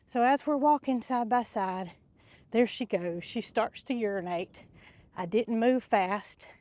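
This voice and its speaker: Outdoors in a pasture, a farm vlogger narrates casually for her viewers in a bright, fairly high voice. She is chatty and excitable yet unhurried, and sounds slightly out of breath.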